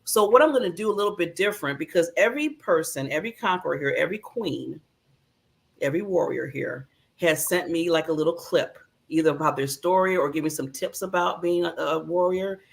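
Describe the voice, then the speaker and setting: A woman's voice: on the low side, brisk, gravelly. A woman hosting a talk show in a bubbly, emotional way, laughing often. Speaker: host.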